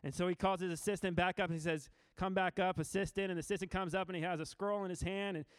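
A man's voice: high-pitched, racing, smooth, no room sound. A man preaching a sermon, telling a story and acting out the lines of its characters with emphasis. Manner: storytelling with acted-out quotes, lively and emphatic. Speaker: pastor.

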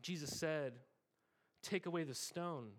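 A man delivering a sermon as a pastor, talking to the congregation in a relaxed, conversational way with lots of quick asides. His voice sits somewhat higher than most men's. He moves between casual banter and earnest, emphatic preaching. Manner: conversational, animated preaching with frequent "okay?" asides.

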